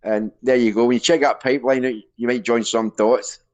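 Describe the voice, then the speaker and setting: A man's voice: medium pitch, steady tone, brisk, lo-fi sound. A man with a Scottish accent chatting casually, rambling and swearing as he tells jokes. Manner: sweary, rambling joke-teller. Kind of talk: casual street chat.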